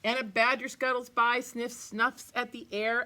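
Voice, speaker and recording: A woman teacher reading a picture book aloud to her class, expressive and playful, with asides to the children. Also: on the high side, measured pace.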